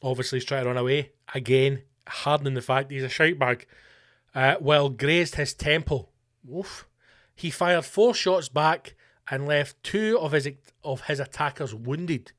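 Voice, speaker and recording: A man's voice: mid-range voice, moderate pace, a bit bright. A Scottish man hosting a podcast, delivering a profane, sarcastic comedic rant. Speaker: podcast host. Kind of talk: comedic ranting monologue.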